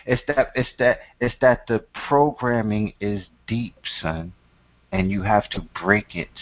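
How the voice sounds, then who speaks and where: A man's voice: lowish voice, a bit bright, no room sound, low-quality recording. A man hosting his own channel, giving casual advice in a slangy, emphatic, repetitive way and calling the listener "son.". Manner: profane, repetitive and preachy. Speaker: host.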